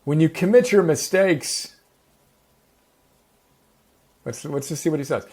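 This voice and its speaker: A man with a fairly high voice teaches a self-improvement class in a loose, casual way. He talks with lots of energy and enthusiasm and often corrects himself mid-sentence. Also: unhurried, mellow. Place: home in the countryside.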